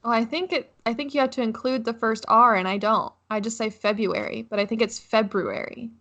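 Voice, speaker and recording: A woman's voice: fairly high pitch, fast talker, sharp tone. A young woman co-hosting a casual chat podcast, giggly and prone to tangents. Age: young adult. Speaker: podcast co-host.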